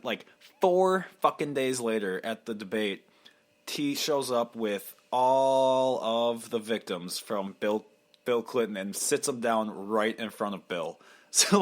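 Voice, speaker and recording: A young man talks alone into his podcast mic in a loose, rambling monologue. He swears constantly, drifts between topics and breaks into mocking voices of the people he talks about. His voice sits at an ordinary middle pitch. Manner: crude, profane, rambling with frequent laughs. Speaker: podcast host.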